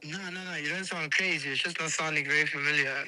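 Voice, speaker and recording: A man on a speakerphone call to a podcast, talking quietly and hesitantly while waiting to board a plane. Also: fairly high pitch, fairly even intonation, fast. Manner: quiet, laid-back and hesitant. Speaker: phone caller. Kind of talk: casual phone chat. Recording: faint speakerphone call with loud noise.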